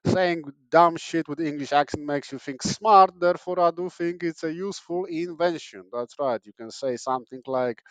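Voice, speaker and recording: A man's voice: fairly high pitch, moderate pace, few pauses, smooth, dry recording. A young man from Poland, hosting a comedic podcast in a sarcastic, rambling way with many fillers and restarts. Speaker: podcast host. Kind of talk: casual comedic monologue.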